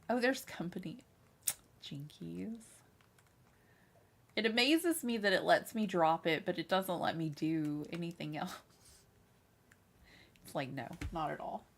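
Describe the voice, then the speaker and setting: A woman chatting casually on a live game stream from her room, soft-spoken and giggly, gushing over cute things. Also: on the low side, expressive, slow, pauses often. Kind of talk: casual livestream chat while playing. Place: her own room, small fan running beside her.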